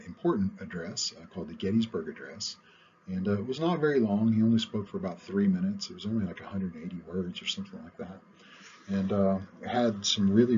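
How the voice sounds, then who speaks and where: Brief: low-voiced male lecturer, chatty with many pauses, on a muffled recording with light hiss. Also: mellow. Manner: conversational, stops often with "uh". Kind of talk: recorded lecture on public speaking.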